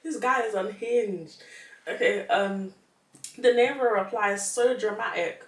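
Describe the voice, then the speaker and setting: A young woman reads posts aloud in a casual, chatty way, breaking into laughter and disbelief. Her voice sits at an ordinary middle pitch. The room sounds echoey, and she is some distance from the mic. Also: unhurried. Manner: laughs often, animated and incredulous. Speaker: vlogger. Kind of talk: casual reading of online posts.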